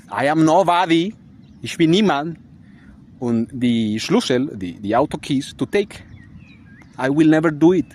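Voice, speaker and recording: A man's voice: fairly high pitch, slight background noise. A man giving a rambling, agitated vlog monologue, swearing and laughing bitterly as he rants. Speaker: vlogger.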